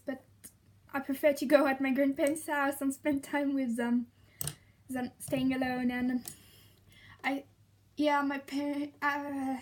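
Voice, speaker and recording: A young French woman with a French accent, gushing excitedly in a casual vlog and laughing often. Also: sits high. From France. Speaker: vlogger.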